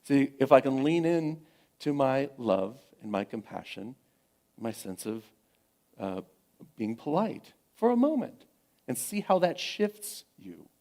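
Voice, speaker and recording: Gentle middle-aged man preaching a sermon. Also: mid-range voice, very animated. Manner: gentle, repetitive encouragement with frequent pauses. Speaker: pastor. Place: spiritual center sanctuary.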